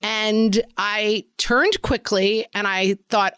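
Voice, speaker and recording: A woman in her fifties with a medium-pitched voice, chatting with wry humour on a podcast. The sound is dry and close, with no room around her. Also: slow, a bit bright, clean tone, no room sound. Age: 50s. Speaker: podcast co-host. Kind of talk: casual chat.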